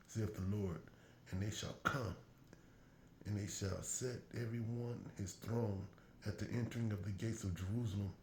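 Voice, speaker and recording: Deep-voiced man reading scripture, roomy. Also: a little mellow, slight background noise.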